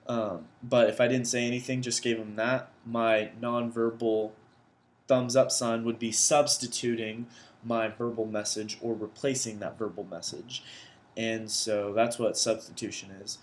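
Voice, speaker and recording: A young man talks through vocabulary terms for a class assignment, at a middle pitch. He explains casually and thinks aloud as he goes, recorded indoors at his computer. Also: level tone, measured pace. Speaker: education student presenting vocabulary.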